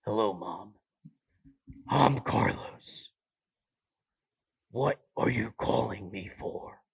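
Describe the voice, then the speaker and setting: A man putting on a gravelly, breathy, near-whispered caped-hero voice, slow and exaggeratedly serious. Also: fairly low pitch, heavily acted. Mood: brooding.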